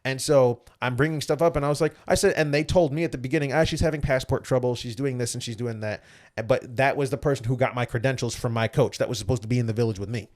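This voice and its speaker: A young man talks quickly, working through a long story as a guest in a casual interview. He acts out what each person said, with rapid and lively delivery at a middle pitch. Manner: fast animated retelling, acts out quoted dialogue. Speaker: guest, former Olympic skeleton racer.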